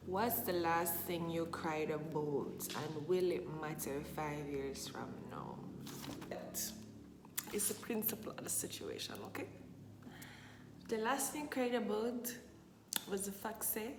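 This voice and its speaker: A young woman, chatting animatedly and emphatically in a casual Q&A vlog, repeating phrases for effect. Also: fairly low pitch. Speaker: vlogger. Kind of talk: casual Q&A monologue. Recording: echoey room with long reverb, faint hiss.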